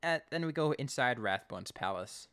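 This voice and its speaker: A podcast co-host recapping an episode in casual chat, animated, with frequent restarts. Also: mid-range voice, moderate pace, no room sound. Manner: animated, with many restarts and quoted voices.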